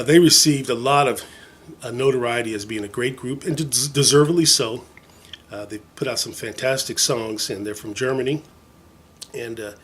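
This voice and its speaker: A man's voice: medium pitch, a bit bright, a little hiss or hum. A man casually showing off his record collection in a vlog, enthusiastic and rambling, full of fillers and jokey asides. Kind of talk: casual show-and-tell vlog.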